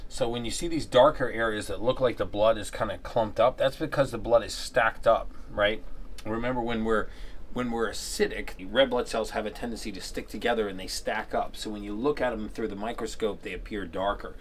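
Low-voiced man talking through numb mouth. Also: fairly even intonation, fairly quick, slight background noise. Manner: explaining steadily, lecture-like. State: mouth numb with gauze inside. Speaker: host, patient. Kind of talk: conversational explanation. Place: dental office.

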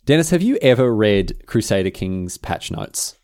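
A man co-hosting a casual podcast, chatty and quick to laugh. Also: fairly low pitch, clear, resonant tone, no echo, studio quality. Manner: animated storyteller, laughs often. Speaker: podcast co-host. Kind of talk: casual chat.

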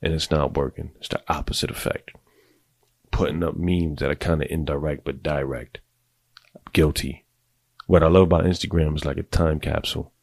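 A deep-voiced middle-aged man hosting a podcast, giving blunt, profane, confessional advice to other men in a casual monologue. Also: fairly even intonation, normal speed, vocal fry, darkish tone, no echo. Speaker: podcast host.

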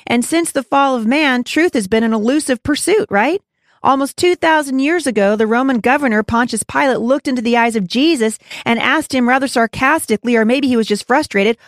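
A woman's voice: a little fast, dry recording, studio quality. Earnest woman teaching the Bible. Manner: earnest, rises in pitch when preaching. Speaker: Bible study host. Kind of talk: devotional teaching talk.

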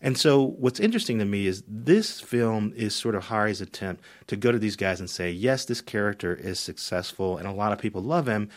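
A man's voice: lowish voice, expressive, brisk, few pauses. A man speaking as a critic in a radio interview, thoughtful, often repeating words as he starts. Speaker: media critic guest.

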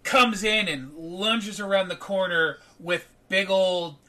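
A man narrating as game master of a tabletop role-playing game, breaking into loud shouted character lines. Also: high voice, takes it slowly.

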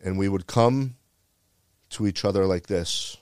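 A deep, smooth, slightly mellow male voice speaks at a measured pace. He's a retired Bronx firefighter telling a heartfelt personal story earnestly, repeating phrases along the way. The recording is dry and studio quality.

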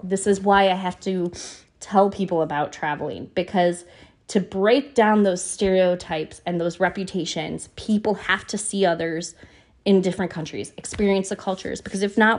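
Heartfelt woman podcasting. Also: fairly low pitch. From United States. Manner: heartfelt and earnest, often emotional, many "you know" fillers. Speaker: podcast host. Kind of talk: casual podcast monologue.

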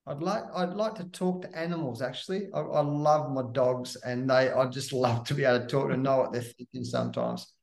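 A middle-aged Australian man from Western Australia telling animated stories as a guest in a casual interview. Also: medium pitch, fairly quick, gravelly, hardly any pauses. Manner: animated, lively anecdotal storytelling that acts out other voices. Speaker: guest, former cricketer and coach.

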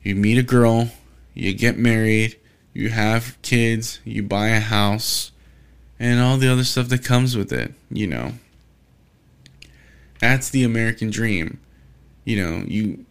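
On his solo podcast, a young man with a mid-pitched, clean-toned voice rambles casually and swears freely. He sounds frustrated, repeatedly breaking off and restarting his thoughts.

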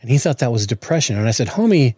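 A man's voice: medium pitch, very fast, darkish tone, husky, no room sound, clean studio sound. A man in his forties co-hosting a podcast, chatting earnestly and often restarting his words. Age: 40s. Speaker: podcast co-host. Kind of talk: casual chat.

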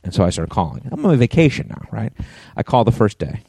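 A middle-aged man with a low, warm voice tells a story in casual podcast chat. He gets animated and profane as he goes, and the sound is dry and close. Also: fast, creaky, slightly rough, dry recording. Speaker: podcast co-host.

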